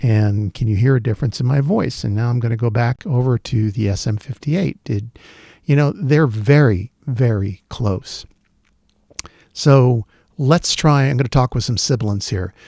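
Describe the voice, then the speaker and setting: Guy with a gravelly voice doing a chatty mic review, lots of ums, dry close sound. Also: mid-range voice, normal speed, a little mellow, dry recording. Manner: chatty, thinking aloud with fillers. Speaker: tech video host. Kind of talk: casual gear review. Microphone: studio dynamic microphone.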